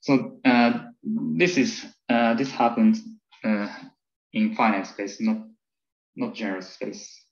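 Man, English speaker, academic lecture, halting, fillers, slow, muffled audio. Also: lowish voice. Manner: halting, many fillers and restarts. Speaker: presenter of a math talk.

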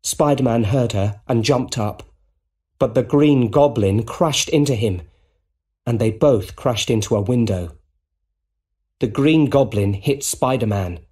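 Man narrating slowly and deliberately. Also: medium pitch, mellow, breathy edge. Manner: plain and deliberate. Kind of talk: slow scripted narration for English learners.

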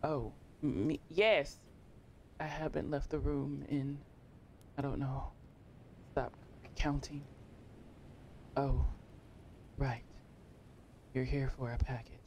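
A gamer voicing a nervous, reclusive tenant, reading the lines in a hesitant, quiet, stumbling way. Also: mid-range voice, steady tone, slow, long pauses, a little hiss or hum. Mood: wary.

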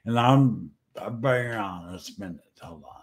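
A man hosting a casual livestream show, emotional and halting, often restarting his words. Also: on the low side. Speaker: show host.

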